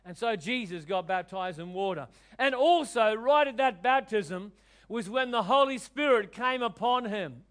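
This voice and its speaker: A man. He brings quoted voices to life and swings from loud proclamations to soft, confiding asides. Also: sits high, expressive, moderate pace. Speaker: preacher. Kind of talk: sermon.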